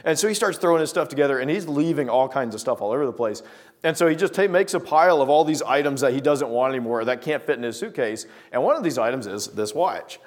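A man telling a personal story with lively acted-out scenes, then drawing a devotional lesson from it. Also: mid-range voice, quick pace. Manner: lively storyteller, acting out scenes, often restarting words. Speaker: speaker telling a story to make a life lesson. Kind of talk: anecdote-driven devotional talk.

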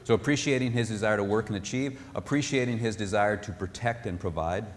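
A man giving a sermon-style talk on marriage, animated, acting out what spouses say. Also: on the low side, fairly quick, in a large hall, a little hiss or hum. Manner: animated, acts out spouses' voices. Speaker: marriage speaker.

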